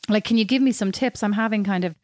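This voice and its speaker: Podcast co-host: woman, quick animated chatter, dry close sound. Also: mid-range voice, no room sound. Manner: chatty, animated, many restarts. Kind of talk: casual chat.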